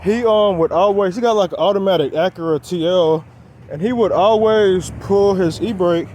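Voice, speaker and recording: A young man with a high, slightly mellow voice talks at a moderate pace, a little breathless as he works on his car on a quiet roadside outdoors. The car vlogger's casual chat is loose and rambling, addressed to y'all, with a faint hiss or hum in the audio.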